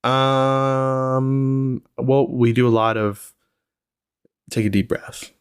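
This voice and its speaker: A man's voice: medium pitch, little pitch movement, very slow, smooth, no echo, clean studio sound. A young man hosting a podcast, talking in a reflective, rambling way with lots of fillers. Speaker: podcast host. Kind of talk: casual solo podcast chat.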